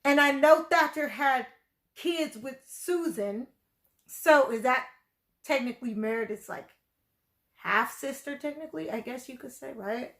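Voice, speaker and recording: A woman's voice: high voice, a little slow, fairly bright tone. A woman giving casual reaction commentary on a TV episode, rambling and chatty, full of "like" and "you know". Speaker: video reactor.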